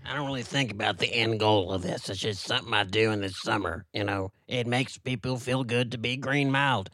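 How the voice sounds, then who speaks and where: A man voicing Mister Possum, a folksy rural male possum character, talking in a deadpan, rambling drawl on a comedy podcast. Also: on the low side, fairly quick, no echo, clean studio sound, lightly acted. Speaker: co-host.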